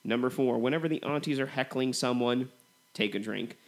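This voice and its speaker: A man co-hosting a movie podcast, comparing films in a relaxed way with lots of "you know". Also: medium pitch, fairly quick. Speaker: podcast co-host. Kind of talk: casual movie review chat.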